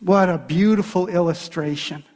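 High-voiced pastor preaching in a hall. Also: male voice, normal speed, darkish tone. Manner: preaching with dramatic retellings and voiced quotes. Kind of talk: sermon.

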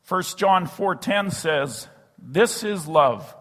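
A male pastor preaches a sermon earnestly, slowing and dropping his voice on key phrases. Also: high-pitched, animated, long reverb tail. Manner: earnest, slows and drops to a hush on key phrases. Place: church sanctuary.

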